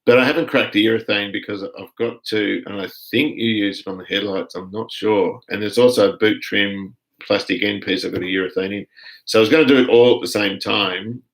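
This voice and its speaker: An Australian man hosting a casual live stream, chatting in a relaxed, rambling way as he reads out viewer comments. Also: lowish voice, a little fast, poor audio.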